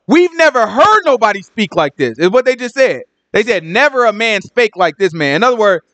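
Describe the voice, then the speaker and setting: Animated, high-pitched slangy male Bible teacher. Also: no echo. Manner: slangy, animated, acts out characters.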